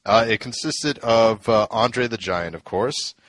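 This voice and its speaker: A man's voice: fairly low pitch, unhurried, a bit bright, no echo. A man co-hosting a casual podcast, eagerly recounting old events and laughing often. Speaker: podcast co-host. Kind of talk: casual storytelling chat.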